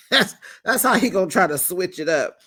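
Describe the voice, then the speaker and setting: A man's voice: high voice, animated, normal speed, bright, forceful tone, husky. A man giving a casual, gossipy reality TV recap, sassy and laughing as he calls viewers honey and child. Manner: laughs often while telling the story.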